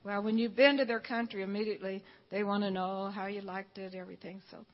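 A woman's voice: mid-range voice, fairly even intonation, fast. An older woman from Georgia, telling a fervent story-filled testimony at church. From Georgia, USA. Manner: storytelling, fervent, quotes people in dialogue. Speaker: church speaker giving testimony. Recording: dull lo-fi recording.

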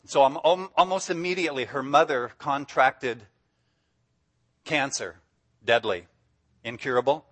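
A man preaching a sermon with lively enthusiasm. He drives his points home emphatically and laughs freely between them, in a voice of ordinary middle pitch. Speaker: guest preacher.

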